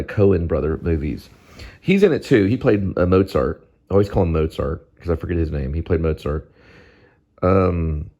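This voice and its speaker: A man's voice: sits low, warm tone. A man vlogging at home, casually rambling about a movie, drifting off topic and groping for actors' names. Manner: rambling, digressive, gropes for names. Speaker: vlogger host. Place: at home near a TV.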